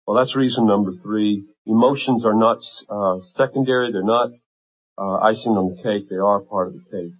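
A man preaching a sermon with impassioned intensity, swinging from fervent, rising pleas to hushed, quiet emphasis. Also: lowish voice, fairly even intonation, normal speed, husky, highs cut off.

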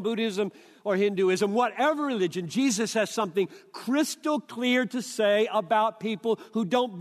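Older male preacher, slow and emphatic. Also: high-pitched, long reverb tail. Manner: emphatic, deliberate, quoting scripture. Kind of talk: sermon.

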